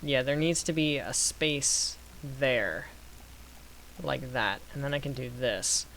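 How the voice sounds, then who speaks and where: A young man giving casual gameplay commentary, thinking aloud through numbers and getting excited when things work. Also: mid-range voice, takes it slowly, gravelly. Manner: excited bursts. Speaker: gaming youtuber. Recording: faint background noise.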